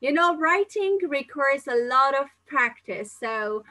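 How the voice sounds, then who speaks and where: Bright-voiced young female teacher. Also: high-pitched, lively intonation, slow pace, rough recording. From not Turkey, living there. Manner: chatty, explains with many examples and fillers. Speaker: English teacher answering live questions. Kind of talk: live Q&A lesson.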